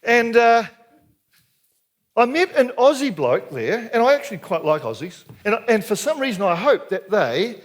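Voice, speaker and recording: Lively New Zealand preacher, high animated voice. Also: male voice, moderate pace. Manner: lively, jokey, chatty, asks the crowd questions. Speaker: Anglican minister, speaker. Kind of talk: storytelling sermon to a men's gathering.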